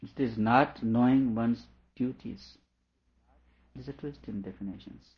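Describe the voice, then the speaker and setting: A teacher with a medium-pitched voice reads a philosophical text aloud a little slowly, then explains it line by line with occasional small chuckles. The audio sounds dull.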